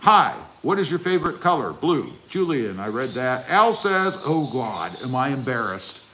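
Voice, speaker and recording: A man's voice: mid-range voice, very animated, moderate pace, noisy background. A man hosting a casual livestream, reading viewer comments aloud and answering them with jokes. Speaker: livestream host.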